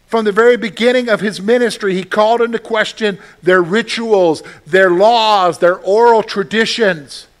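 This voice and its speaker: Man, pastor, radio sermon, fairly high voice, animated delivery, acts out quotes. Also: normal speed, hardly any pauses.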